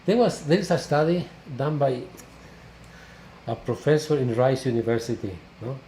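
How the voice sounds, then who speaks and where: A man hosts a relaxed parish interview, tossing in little tag questions as he talks. His voice is mellow and dark. The room rings with echo, and a faint noise sits underneath. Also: mid-range voice, normal speed. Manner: switches between English and Spanish, tag questions. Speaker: parish priest and host. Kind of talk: casual bilingual interview.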